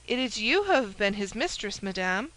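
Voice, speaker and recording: A woman voicing a cunning, scheming woman who speaks with a smooth, falsely sweet warmth. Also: medium pitch, big pitch swings, moderate pace, poor audio. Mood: accusing.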